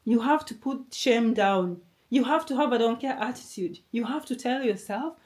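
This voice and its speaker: A woman's voice: a little high, normal speed, darkish tone. A woman vlogger giving an earnest motivational talk to camera, encouraging the viewer and asking them questions.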